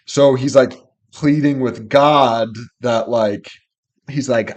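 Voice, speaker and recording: A man's voice: mid-range voice, measured pace, darkish tone. A man hosting a music reaction, casually explaining song lyrics in an earnest way, with lots of fillers.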